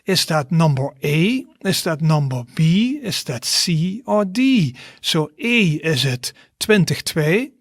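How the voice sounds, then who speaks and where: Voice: medium pitch, sing-song, slow, few pauses, dry recording, studio quality. A language teacher, giving an online lesson and patiently encouraging learners to repeat words after them.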